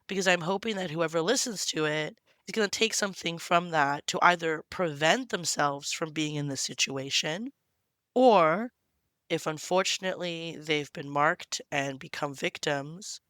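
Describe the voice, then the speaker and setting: A woman co-hosts a podcast while fighting a cold, and her voice comes out deep, husky and hoarse. Even so, her tone stays bright and forceful, and she sounds smooth and resonant underneath the rasp. She is recorded close and dry, in casual conversation. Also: normal speed, no room sound. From Canada. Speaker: podcast co-host. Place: temporary room at home with fans running.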